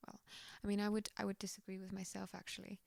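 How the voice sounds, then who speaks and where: A woman with a slightly tired voice giving a gentle, reassuring pick-a-card tarot reading, often dropping to a whisper. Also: mid-range voice, monotone, quick pace, vocal fry, dry recording, clean studio sound.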